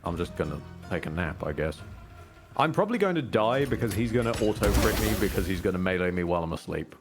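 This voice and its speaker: A man's voice: deep voice, big pitch swings, quick pace. A man joking and explaining the game as he plays with a friend. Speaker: gamer. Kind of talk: casual gameplay chat. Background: game music.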